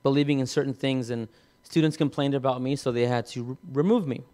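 A man preaching, telling a personal story in a halting way, with many repeated words and restarts. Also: medium pitch, steady tone, mellow. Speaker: pastor. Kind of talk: sermon testimony.

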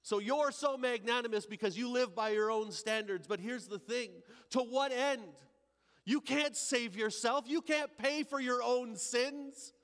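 A male pastor playing a repentant thief dying on a cross, in a dramatic first-person monologue at a church service, halting and emotional, moving from hushed remorse to crying out. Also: very high voice, long reverb tail, voice pushed up, full character voice. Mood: urgent.

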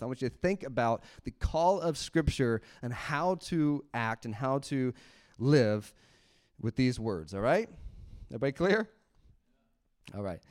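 A man preaching a sermon in church, animated, laughing often and acting out little quotes. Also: medium pitch, clean tone. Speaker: pastor.

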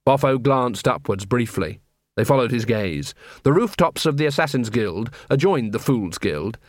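A man's voice: medium pitch, very animated, moderate pace, no echo. Male audiobook narrator, dry delivery. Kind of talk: scripted narration.

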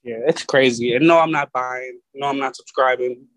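A young man guesting on a podcast, chatting casually in a laid-back, halting way that often trails off. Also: mid-range voice, steady tone, fairly bright tone, dry recording. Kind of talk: casual chat.

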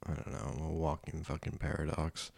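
A man's voice: rumbling low, flat delivery, a little fast, creaky, a little mellow. A young man hosting a casual solo podcast, rambling and self-deprecating, swearing often. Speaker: podcast host.

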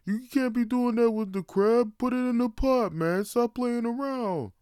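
A man doing a squeaky exasperated dad. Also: a little slow, mellow, clear, resonant tone, no echo, clean studio sound. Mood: scolding. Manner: scolding, impatient. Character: exasperated father scolding his son.

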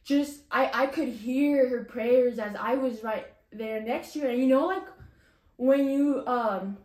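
A woman's voice: on the high side, a little slow, darkish tone, roomy sound. A young woman casually sharing an emotional personal testimony, full of "like" and "you know". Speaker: guest sharing her testimony.

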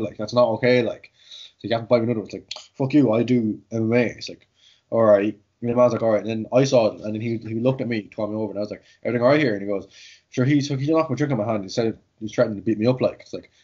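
A man's voice: fairly low pitch, darkish tone, slightly rough. An Irish man, a jiu-jitsu instructor, telling rambling, sweary stories in casual chat, with "like" in every sentence. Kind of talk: casual podcast storytelling. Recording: dull lo-fi audio.

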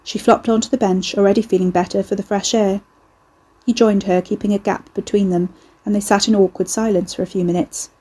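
A woman reading a novel aloud in steady scripted narration. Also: medium pitch, fairly quick, breathy edge, poor audio. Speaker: audiobook narrator.

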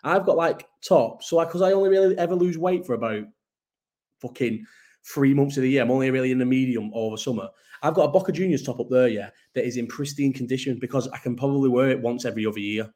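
A man in his early thirties hosts a casual live chat, his mid-pitched voice rambling from one thought to the next. He swears freely and pokes fun at himself as he talks. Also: fast talker, warm tone. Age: 30s. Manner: rambling, sweary, self-mocking. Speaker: podcast host.

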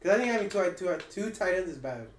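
A man co-hosting a podcast in rapid, slangy casual chat that is full of swearing. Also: high-pitched, lively intonation, reverberant, slight background noise. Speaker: podcast co-host.

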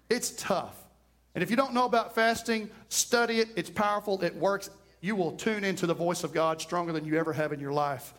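A man preaching a sermon as pastor, animated, swinging between fast and slow delivery. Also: high-pitched. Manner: animated preaching, varies pace widely.

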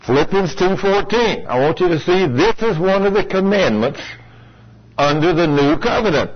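A man's voice: high-pitched, expressive, normal speed. A man preaching a sermon in a folksy, direct way, speaking to his congregation and acting out complainers. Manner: folksy, talks straight to the congregation, acts out complainers. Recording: lo-fi radio broadcast.

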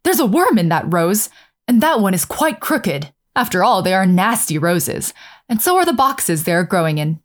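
A woman's voice: medium pitch, big pitch swings, moderate pace, close to an everyday voice. A woman voicing a young boy who has turned cold and mocking, speaking in a sneering, petulant way.

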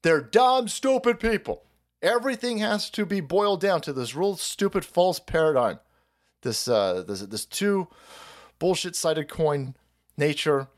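A man's voice: on the high side, animated, unhurried. A man in his thirties hosting a stream, ranting about politics in a profane, mocking way and slipping into silly voices. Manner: foul-mouthed, mocking, puts on silly voices. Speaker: podcast host.

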